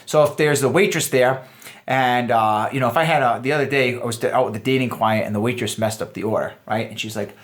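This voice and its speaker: A man's voice: mid-range voice, fast talker. A man, a dating coach, giving a loose, rambling instructional talk full of fillers and restarts. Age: adult.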